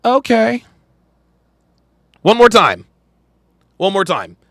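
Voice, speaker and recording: A man's voice: high voice, sing-song, normal speed, gravelly, pushed and bright, no room sound. A man hosting a podcast, reacting to a clip in emphatic, profane commentary and repeating his points.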